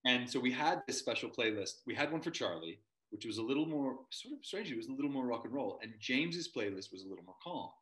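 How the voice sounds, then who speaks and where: A man's voice: medium pitch, expressive, fast, hardly any pauses, fairly bright tone, roomy sound, rough recording. A middle-aged man, an actor guest, telling long rambling anecdotes in a casual interview. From Montana and London. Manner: rambling anecdotes, acts out quoted voices.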